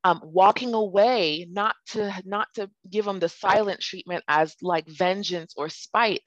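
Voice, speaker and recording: A woman giving a relaxed, rambling spiritual talk on conscious parenting, with many fillers and restarts. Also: mid-range voice, measured pace, hardly any pauses, no room sound. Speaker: parenting speaker. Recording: dry, slightly dull lo-fi sound.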